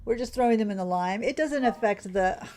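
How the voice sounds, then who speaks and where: A woman's voice: on the high side, darkish tone. A woman hosting a casual gameplay vlog who chats and exclaims as she plays. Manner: chatty and exclamatory, quick laughs. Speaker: gaming channel host.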